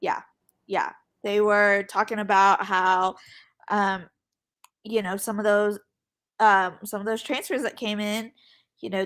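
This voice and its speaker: A young woman reporter, a guest on a podcast, answering questions in a halting way with many fillers and restarts. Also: mid-range voice, fairly bright tone. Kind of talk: podcast interview.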